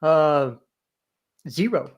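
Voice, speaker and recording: A man on a video-call fan panel, blunt and exasperated, tripping over his words as he rushes to make his point. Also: fairly high pitch, animated, muffled recording. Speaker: panel guest. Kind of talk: casual fan chat.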